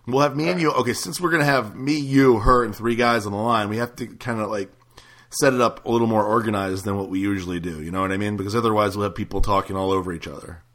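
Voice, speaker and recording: Male radio host, bright edgy tone, lowish voice, casual chat. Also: fairly even intonation, fast. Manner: conversational, plans the show.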